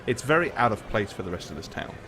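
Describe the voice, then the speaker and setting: Lively, laughing male game master. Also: fairly low pitch, fast talker, noisy background. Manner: laughs often, lively and joking. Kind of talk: narrating a tabletop game stream.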